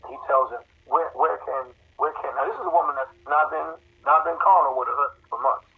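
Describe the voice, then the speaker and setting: Male storyteller, raspy and fast-talking, emphatic delivery, heard through a tinny phone-quality line. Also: fairly high pitch. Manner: emphatic, repeats and restarts words, acts out quotes. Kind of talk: recounting a story in conversation.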